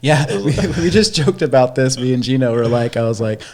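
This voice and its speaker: A man co-hosting a relaxed podcast, talking at a middling pitch. He rambles and swears freely as he tells stories, jumping into loud acted-out quotes. It sounds like an easygoing chat between friends. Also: brisk. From Northern California. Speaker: podcast co-host. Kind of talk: casual chat.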